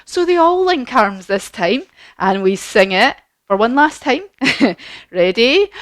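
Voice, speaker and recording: A woman teaching a children's yoga class as a story, lively, encouraging and sing-song. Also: on the high side, takes it slowly, no echo.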